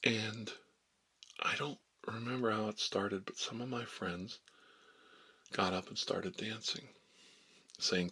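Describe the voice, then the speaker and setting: A man in his fifties, a life coach telling a story in a soft-spoken ASMR style, drifting between whispers and low murmurs. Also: takes it slowly, pauses often, husky. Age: 50s.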